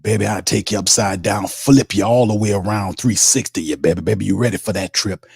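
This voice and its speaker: A man voicing a boastful, smooth-talking reverend, who tacks "baby" onto every phrase in a husky, low voice. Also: fairly quick, a little mellow, no echo, clean studio sound, heavily acted.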